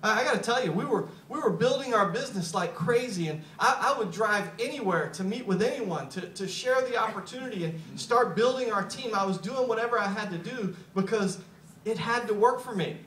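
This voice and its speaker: Bright high-voiced man giving a motivational talk. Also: lively intonation, brisk, slight background noise. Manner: repeats words when starting sentences, chuckles often. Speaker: speaker at a business opportunity meeting. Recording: echoey room, voice picked up from a distance.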